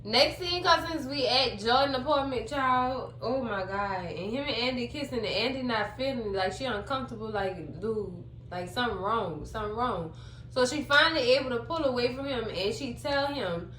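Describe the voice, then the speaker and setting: A woman's voice: on the high side, normal speed, fairly bright tone. A woman, chatting casually as she recaps a TV episode and acts out the characters' lines. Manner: chatty, dramatic, acts out quotes. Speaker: TV recap vlogger. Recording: echoey room, faint hum.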